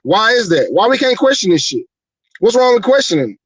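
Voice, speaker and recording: A man's voice: high-pitched, sing-song, fairly quick, breathy edge, no room sound, poor audio. A man hosting a livestream talk show, ranting with profane, heated rhetorical questions. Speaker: show host.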